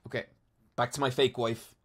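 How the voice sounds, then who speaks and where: A man's voice: medium pitch, level tone, normal speed, loud music behind the voice. Rambling, self-mocking man hosting a podcast. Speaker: podcast host. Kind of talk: casual chat playing a game.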